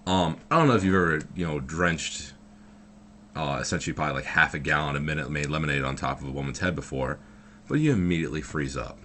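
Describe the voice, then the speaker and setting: A young vlogger with a rumbling low voice tells a story from his own life, talking fast in a pushed, bright tone. His casual storytelling is loose and rambling, packed with fillers and swearing, and there's a little hiss or hum in the background.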